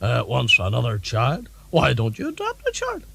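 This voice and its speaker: A man doing a gravelly pompous panelist. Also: mid-range voice, huge pitch swings, normal speed, a bit bright, heavily acted, poor audio.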